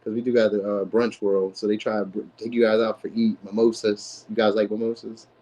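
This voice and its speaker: A man's voice: fairly low pitch, level tone, fairly quick, warm tone, dull audio. A man who is a father, giving a casual live tarot reading in a slangy, rambling way. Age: adult, a father. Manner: slangy, rambling, lots of "you know what I mean". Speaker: tarot reader streamer.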